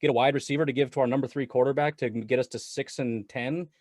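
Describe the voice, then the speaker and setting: A man talking sports as a guest on a casual podcast, animated and rambling with frequent laughs. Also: medium pitch, fast talker, no echo, studio quality. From Wisconsin. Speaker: guest Packers commentator.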